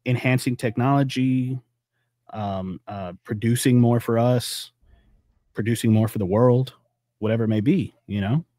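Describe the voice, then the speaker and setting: A man's voice: fairly even intonation, normal speed, dark tone, no echo, studio quality. A man co-hosting a podcast, chatting loosely and profanely and rambling about politics. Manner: loose, rambling, profane, acts out quotes in a high voice. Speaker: podcast co-host. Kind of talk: casual political chat.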